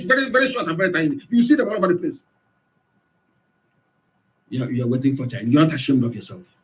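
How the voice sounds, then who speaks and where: A Nigerian-accented man with a high-pitched voice hectors his radio audience during a passionate political broadcast. He peppers them with rhetorical questions, sometimes raising his voice to a shout.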